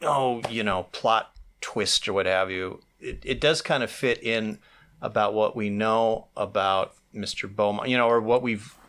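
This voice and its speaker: A man's voice: lowish voice, a little slow, fairly bright tone. A man co-hosting a podcast, talking casually and rambling with restarts. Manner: rambling, many restarts and "you know". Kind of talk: casual chat.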